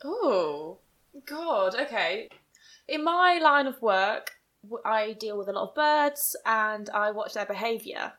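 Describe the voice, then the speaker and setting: A young woman co-hosting a casual podcast chat, giggly, chatty and animated. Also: on the high side, slow, poor audio. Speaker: podcast co-host.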